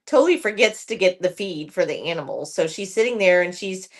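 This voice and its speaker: A woman's voice: mid-range voice, brisk. A woman co-hosting a casual recap chat, retelling scenes with lots of "like" and "um" and acting out characters' lines. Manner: animated retelling, acts out characters' lines, many ums and likes. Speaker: podcast co-host.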